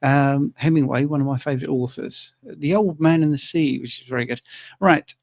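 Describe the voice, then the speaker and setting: A man's voice: medium pitch, normal speed, creaky, a little mellow, dry recording, studio quality. A man hosting a live question-and-answer stream from the UK, chatty and teasing. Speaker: host. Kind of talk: live Q&A chat.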